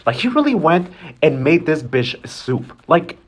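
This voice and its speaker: A man hosting a casual, slangy recap, animated and gossipy and swearing freely. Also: on the high side, unhurried, breathy edge. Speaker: novela recap host.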